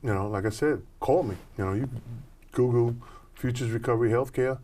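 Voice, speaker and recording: A middle-aged man, an interview guest, telling a story in an animated way and acting out the voices of the people in it, then turning earnest when giving advice. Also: mid-range voice, brisk, a little hiss or hum.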